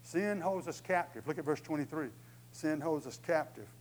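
A man's voice: fairly high pitch, normal speed, a little hiss or hum, rough recording. A man preaching a sermon in a conversational way, acting out inner voices with humor. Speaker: pastor.

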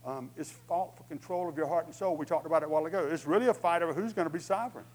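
A man's voice: on the high side, racing, low-quality recording. A man preaching a sermon in a conversational way, acting out inner voices with humor. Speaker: pastor.

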